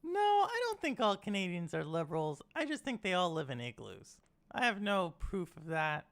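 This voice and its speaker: A woman's voice: lowish voice, big pitch swings, moderate pace. A woman streaming a video game, rambling casually, saying "like" a lot and teasing her chat. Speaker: gaming streamer.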